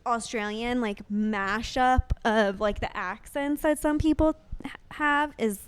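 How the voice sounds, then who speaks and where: A woman's voice: on the high side, unhurried, clean tone. A woman co-hosting a podcast in casual chat, hedging her points with lots of filler words. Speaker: podcast co-host.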